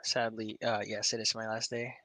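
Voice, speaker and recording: A man on a livestream as the host's virtual assistant, giving brief, soft-spoken replies. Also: on the low side, level tone, moderate pace. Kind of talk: casual chat.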